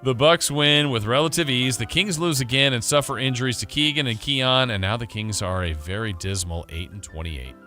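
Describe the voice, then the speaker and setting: A man co-hosting sports radio, briskly recapping a game and laughing at sound drops. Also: mid-range voice, bright, forceful tone, faint music behind.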